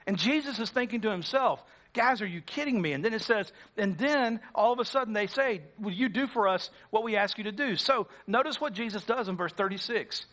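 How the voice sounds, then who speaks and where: A man's voice: sits high, animated, a little fast, hardly any pauses, fairly bright tone. A man preaching as pastor, conversational and acting out the quoted lines. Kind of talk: sermon.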